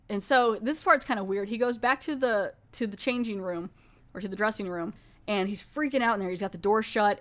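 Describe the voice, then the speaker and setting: A woman podcast host walks through an episode plot in a loose, rambling way. She leans on fillers and restarts as she goes, and her voice sits at an ordinary middle pitch. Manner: rambling, filler-heavy, conversational. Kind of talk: casual episode recap.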